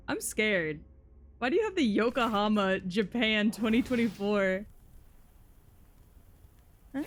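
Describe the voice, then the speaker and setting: A woman's voice: mid-range voice, lively intonation, slow pace, pauses often, a little hiss or hum. A tired young woman streaming a card game, grumbling and swearing in exasperation as she chats with viewers. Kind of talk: casual live-stream chatter while playing. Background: faint music.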